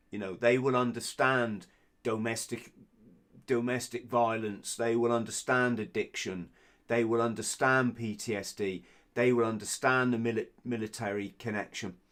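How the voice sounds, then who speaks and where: A British man telling his story as a podcast guest, blunt and sweary, with frequent halting restarts. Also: fairly low pitch, fairly bright tone. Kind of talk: casual candid storytelling.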